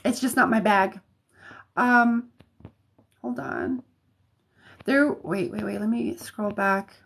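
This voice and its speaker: A woman's voice: medium pitch, slow pace, vocal fry, fairly bright tone. An American woman chatting on a livestream as a psychic reader, talking casually with many fillers and restarts.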